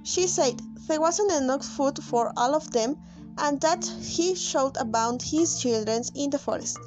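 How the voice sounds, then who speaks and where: A young woman student with Spanish as her first language introduces her team and reads a fairy tale aloud in a brisk, earnest way. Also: sits high, low-quality recording. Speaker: student reader. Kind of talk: reading a story aloud. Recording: music loud under the voice.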